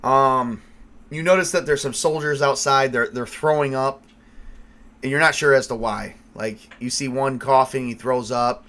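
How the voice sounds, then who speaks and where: A man narrating as game master with lively storytelling. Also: medium pitch, moderate pace.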